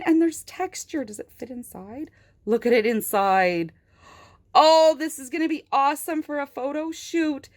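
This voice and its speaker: Young woman toy reviewer, high bright voice, unhurried, gushes over every find. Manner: gushing and excitable, with gasps and squeals of delight.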